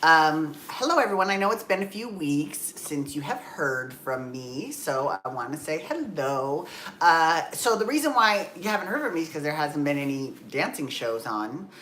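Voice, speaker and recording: A woman's voice: deep voice, big pitch swings, moderate pace, a bit bright, reverberant, slight background noise. A woman vlogging casually from home, rambling, correcting herself and swearing now and then. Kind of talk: casual chatty vlog. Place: home, just out of the shower.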